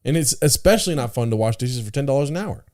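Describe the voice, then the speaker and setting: A man's voice: mid-range voice, expressive, fast, a little mellow. A man co-hosting a podcast, blunt and joking, with plenty of profanity. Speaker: podcast co-host. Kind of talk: casual chat.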